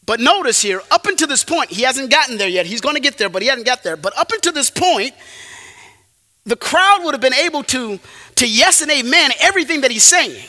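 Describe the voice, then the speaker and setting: A preacher delivers a sermon a little fast in a bright, high voice that rises and falls in wide, lively swings. He pushes his points forcefully, then drops low for asides, and the hall's long reverb makes his words ring.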